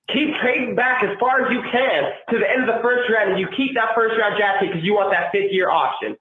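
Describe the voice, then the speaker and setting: A man calling in by phone to a podcast, ranting angrily and cursing, often yelling. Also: very high voice. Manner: profane, yelling, heated. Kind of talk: angry fan rant over the phone. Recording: tinny phone line, echoey.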